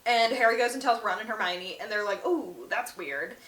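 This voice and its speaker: On her book channel, a woman recaps a story casually, dipping in and out of the characters' quoted lines. She speaks at normal speed in a medium-pitched, animated and slightly bright voice, with the mic placed at a distance in an echoey room.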